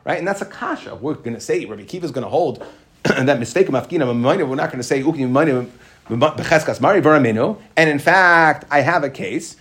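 Male Talmud teacher, fairly high voice, explanatory, keeps checking "right?" with listeners. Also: animated, quick pace, fairly bright tone. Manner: mixes English with Hebrew and Aramaic terms. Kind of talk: Talmud study lesson.

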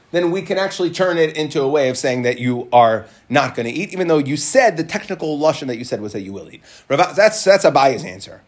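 A man teaching a lively Talmud class, explaining the text and acting out what people say. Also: a little high. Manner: animated, acts out quoted speakers.

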